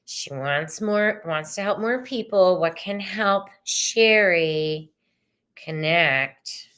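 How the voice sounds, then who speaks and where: A woman's voice: on the low side, takes it slowly, a bit bright, clean tone. Gushing, chatty woman tarot host. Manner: effusive, chatty, swears casually, addresses viewers as y'all and sister. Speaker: tarot reader hosting a live stream. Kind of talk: casual live-stream tarot reading.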